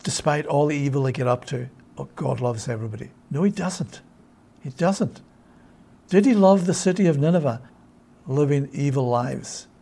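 A man preaching a sermon, emphatic and full of rhetorical questions, often checking in with his listeners with a quick "yeah?". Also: fairly high pitch, lively intonation, warm tone.

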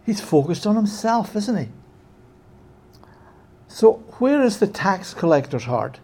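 A man preaching a sermon with emphasis, often checking in with his listeners with a quick "yeah?". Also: high-pitched, sing-song, warm tone.

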